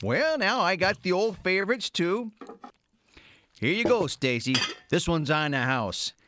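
A woman's voice: fairly low pitch, animated, measured pace, noisy background. A woman voicing a friendly, folksy male general store owner.

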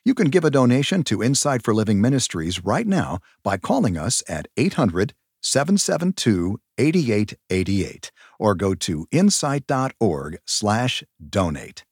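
A man's voice: lowish voice, big pitch swings, a little slow, hardly any pauses, darkish tone, breathy edge, no echo. A male radio program announcer reading a scripted, persuasive appeal and introduction. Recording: radio studio voice with music behind.

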